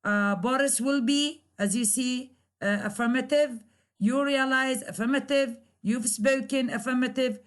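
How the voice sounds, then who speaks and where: Slow, high-voiced woman lecturer. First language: Arabic. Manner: slow, hesitant, repeats key phrases. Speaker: English grammar lecturer. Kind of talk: recorded lecture.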